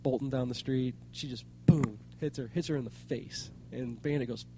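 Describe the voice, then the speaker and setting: Over a noisy background, a medium-pitched man speaks at a moderate pace in a steady tone. Co-hosting a casual podcast chat, he's loud, swears freely, and laughs as he tells stories.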